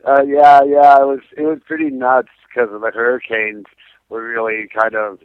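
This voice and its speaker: Brief: punk singer on the phone, chatty storyteller who laughs a lot, dry close sound over a tinny line. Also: male voice, mid-range voice, normal speed, clear, resonant tone, dry recording. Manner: animated storyteller, laughs often, acts out quotes. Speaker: punk band singer, interviewee. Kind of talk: phone interview, casual storytelling.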